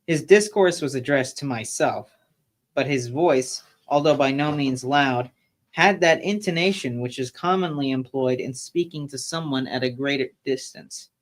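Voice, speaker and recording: Man, casual live-stream reading, classic story, steady measured delivery, middle pitch.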